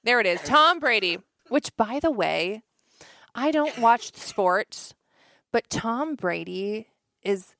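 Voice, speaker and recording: Woman cohosting a podcast, laughs a lot while she talks, kinda high voice, dry close sound. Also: lively intonation, slow pace, vocal fry, a bit bright, no room sound. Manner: laughing, chatty storytelling. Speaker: podcast co-host. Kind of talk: casual chat.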